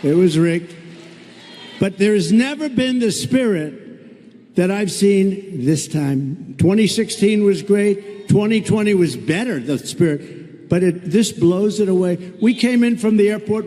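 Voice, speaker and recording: A man's voice: sits high, measured pace, mellow. A man giving a campaign rally speech in a large indoor venue, talking in a repetitive, boastful and mocking way. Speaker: political candidate at a rally. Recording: long reverb of a big hall.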